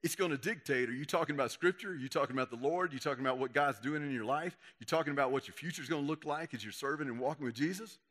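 Rapid-fire and barely pausing, a young youth pastor with a fairly high, slightly bright voice delivers a casual sermon to young listeners. He's folksy and conversational, bringing quotes to life by acting them out.

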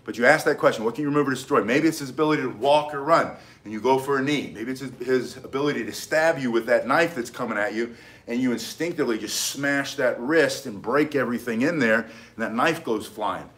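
A man's voice: medium pitch, fairly quick, fairly bright tone. Emphatic middle-aged man teaching self-defense. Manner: emphatic, repeats key points, restarts sentences. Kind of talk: casual instructional talk.

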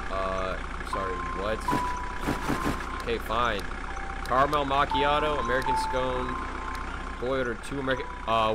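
Jumpy young man gaming with bright voice. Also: mid-range voice, lively intonation, normal speed, a little hiss or hum. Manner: jumpy, panicky reactions with frequent yelps; reads game dialogue aloud. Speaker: gaming streamer. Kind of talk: gameplay commentary.

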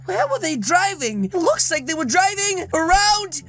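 High-voiced playful woman gaming host. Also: very animated, moderate pace, a little hiss or hum. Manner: chatty and silly, addresses viewers. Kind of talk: playful game role-play commentary.

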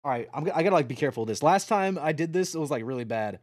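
Young male streamer, high-pitched, dry close mic, rambling and profane, excitable late-night chatter. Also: very fast, no room sound. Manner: rambling, excitable, swears a lot.

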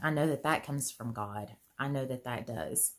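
A woman vlogger telling a personal story in a casual, earnest way, full of "you know" fillers, her voice jumping higher when she gets excited. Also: normal speed. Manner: chatty, earnest, pitch swings high when excited; many "you know" fillers, folksy grammar.

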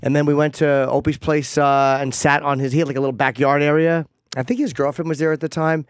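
A man's voice: a little high, little pitch movement, fast talker, clean tone, no room sound, clean studio sound. A man hosting a radio talk show, telling a candid and profane story in casual chat.

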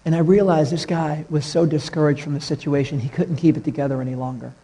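A middle-aged man preaching a sermon as a pastor, telling stories and dropping to a soft hush for tender moments. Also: on the high side, fairly even intonation, quick pace, slightly rough, in a large hall. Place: church sanctuary.

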